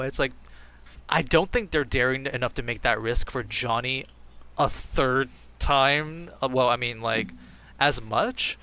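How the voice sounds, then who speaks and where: A man's voice: mid-range voice, lively intonation, a little slow, bright, forceful tone, clear, resonant tone. A man co-hosting a casual gaming podcast, chatting enthusiastically about movies and hedging his points. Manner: enthusiastic, chatty, hedges with "like" and "I mean". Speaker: podcast co-host.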